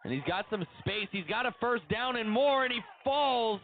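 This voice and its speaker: A man calling play-by-play at a high school football game, chatty and excitable about the action. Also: moderate pace, phone-quality sound. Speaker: play-by-play announcer.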